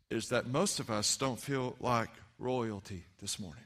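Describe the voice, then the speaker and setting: Bright-voiced preaching man. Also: medium pitch, a little slow, few pauses. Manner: earnest preaching, rising to emphatic then dropping quiet and intimate. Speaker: pastor. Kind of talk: sermon.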